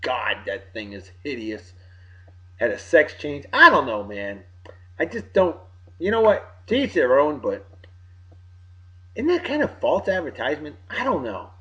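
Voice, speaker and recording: A man hosting a casual solo show, rambling through shout-outs to friends and bursting into loud wrestling catchphrases now and then. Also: mid-range voice, highs cut off. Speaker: podcast host.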